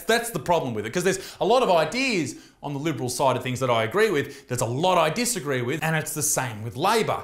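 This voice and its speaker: A man's voice: fairly high pitch, fairly bright tone, roomy sound. A young Australian man, a comedian, delivering a crude, sarcastic political rant full of swearing.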